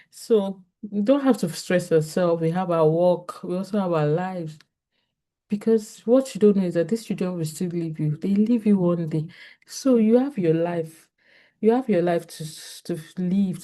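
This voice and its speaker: A woman's voice: on the low side, warm tone. A woman with a Nigerian English accent giving earnest parenting advice straight to camera, repeating her key points and speaking directly to parents.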